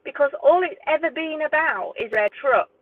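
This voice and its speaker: A true crime YouTuber, a woman, delivers an angry direct-to-camera rant, swearing and sounding indignant and exasperated. Her high-pitched voice is expressive and moderately paced. The audio is tinny, phone-like, and dry.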